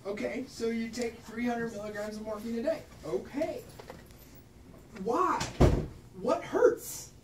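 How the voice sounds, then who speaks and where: A woman's voice: fairly high pitch, steady tone, normal speed, few pauses, heavy background noise. A woman physician giving a casual, frank talk on pain care to clinicians, often tagging points with "right?". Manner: casual, frank, swears, tags lines with "right?". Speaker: physician lecturer. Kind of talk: informal medical talk to clinicians. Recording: echoey room from far off.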